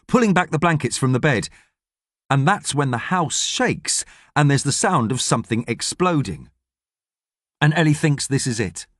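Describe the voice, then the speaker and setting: A man narrating an audiobook with expressive storytelling. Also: a little high, dry recording, studio quality. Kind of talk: scripted narration.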